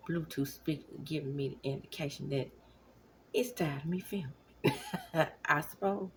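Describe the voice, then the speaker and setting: A woman in her thirties giving casual commentary at home, animated, now and then dropping into whispers. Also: deep voice, gravelly, a little hiss or hum. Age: 30s. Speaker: vlogger. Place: home, at night.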